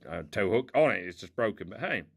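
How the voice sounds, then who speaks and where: A man's voice: lowish voice, expressive, a little fast, vocal fry, husky. A man casually rambling through an unboxing of old toy cars at home, self-mocking and playful. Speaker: toy car collector unboxing. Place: indoors at home.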